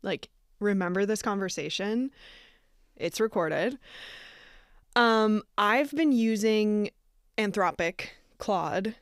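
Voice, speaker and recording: A woman's voice: medium pitch, expressive, slow, dry recording. A woman hosting a casual conversation, chatty and upbeat, recorded in a studio. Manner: chatty, upbeat, uses many fillers. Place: small studio. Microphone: studio microphone.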